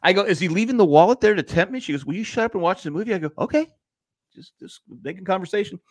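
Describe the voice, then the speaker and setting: Man, sixties, podcast co-host, storytelling, lively pitch, dry sound. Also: fast talker, dry recording. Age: 60s. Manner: animated, acts out voices in his stories. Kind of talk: casual storytelling chat.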